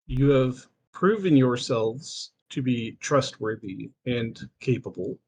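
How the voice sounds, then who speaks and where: A solemn, secretive letter writer, as a man reads it aloud in an unhurried, deliberate cadence. Each line lands formal and grave, like an urgent summons being read at a game table. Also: mid-range voice, animated, slight background noise. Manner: slow formal reading. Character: mysterious letter writer pleading for help.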